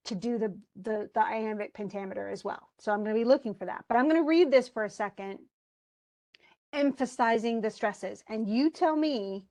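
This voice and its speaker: A woman's voice: fairly high pitch, normal speed, mellow. A woman instructor giving an online class lecture over a computer mic, talking conversationally with many restarts and check-ins with the students. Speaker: college English instructor.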